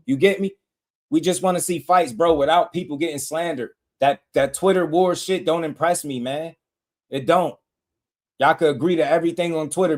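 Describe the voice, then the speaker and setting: A man hosting a casual boxing livestream, talking emphatically in slang, repeating himself and shouting out viewers from the chat. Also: a little high. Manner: emphatic, repetitive, slangy, reads super chats aloud.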